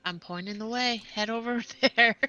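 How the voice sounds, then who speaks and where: Casting note: woman player with a bright, crisp voice, playful and giggly casual chat at the game table. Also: fairly high pitch, moderate pace, dull audio.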